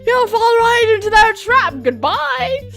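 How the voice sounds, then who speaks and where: A woman voicing an excitable, paranoid, scruffy male cyclist who shouts and ends his words like excited questions. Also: very high voice, slow pace, creaky, faint music behind, pitched above the performer's own voice, heavily acted. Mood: frantic.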